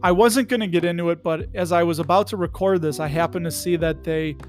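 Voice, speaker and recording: A man's voice: on the high side, quick pace, darkish tone, faint music behind. A man hosting his own podcast from home, chatting casually in a goofy, rambling way. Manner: goofy, rambling, slips into silly voices. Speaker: podcast host. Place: his home in the Chicago suburbs.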